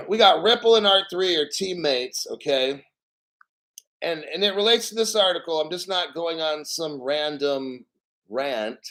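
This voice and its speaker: Man, crypto vlog host, slightly high voice, profane, blunt, jokey, drags out words for emphasis. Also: creaky, fairly bright tone. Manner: brash and profane, jokey asides; emphatic, repeats words slowly. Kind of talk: casual crypto vlog commentary.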